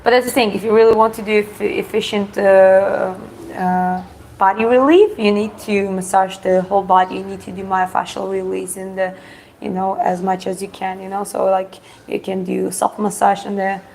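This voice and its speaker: Halting woman with a gravelly voice. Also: medium pitch, level tone, a little mellow, a little hiss or hum, rough recording. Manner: halting, full of fillers and restarts. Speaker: co-host. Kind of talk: casual chat.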